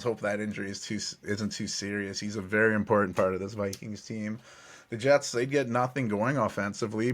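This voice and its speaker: A man's voice: fairly low pitch, fairly bright tone. A man hosting a sports podcast, recapping football games in an upbeat play-by-play way and often correcting himself mid-sentence. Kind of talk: game recap narration.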